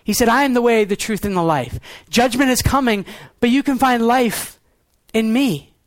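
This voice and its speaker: Young male pastor, very high voice, earnest sermon delivery, dry close recording. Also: dry recording. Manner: earnest, shifts between quiet low lines and quick pointed rhetoric.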